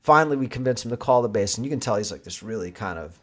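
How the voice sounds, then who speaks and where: A man guest on an interview show, a sports agent, telling a story with lively energy and frequent laughs. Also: fairly low pitch, rapid-fire. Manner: lively, laughing, acts out other voices. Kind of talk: animated anecdote storytelling.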